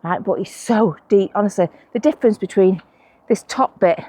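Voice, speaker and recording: A woman's voice: mid-range voice, normal speed, mellow, dry recording. A woman chatting casually to camera while working at her allotment, with playful conspiratorial asides. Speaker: allotment vlogger. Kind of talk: casual chat while gardening. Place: outdoor allotment garden.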